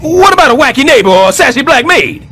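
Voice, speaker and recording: A man voicing a brash, scheming middle-aged building superintendent in a cartoon, loud and sarcastic. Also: extremely high pitch, sing-song, fast talker, a little hiss or hum, full character voice. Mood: coaxing. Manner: loud, sarcastic wisecracking, jumps between growls and squeals. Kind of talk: stop-motion cartoon voice acting.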